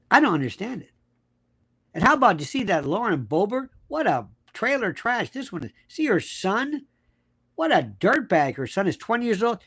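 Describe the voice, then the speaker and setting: High-pitched, a bit bright and slightly rough, this man hosts a livestream as a host and legal commentator. He reads out viewer comments and answers them bluntly and combatively, firing off plenty of rhetorical questions.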